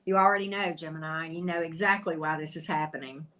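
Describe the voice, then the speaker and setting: The livestreaming tarot reader speaks quickly in a low, steady voice, and the audio is very noisy. Chatty and playful, she greets viewers by name as she reads cards in casual conversation.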